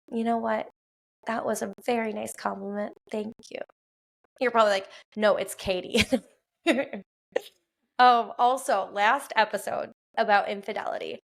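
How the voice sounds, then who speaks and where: Woman, 30s, Wisconsin accent, podcast host, casual chat, fillers and laughs, vocal fry. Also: a little high, normal speed. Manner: chatty, laughs often, frequent fillers. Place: quiet home at night.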